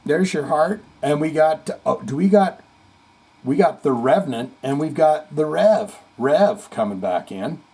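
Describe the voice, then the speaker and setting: A man's voice: on the high side, lively intonation, measured pace, darkish tone, breathy edge. A man hosting a casual heavy metal chat stream, reading viewer comments aloud with jokey asides. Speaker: host.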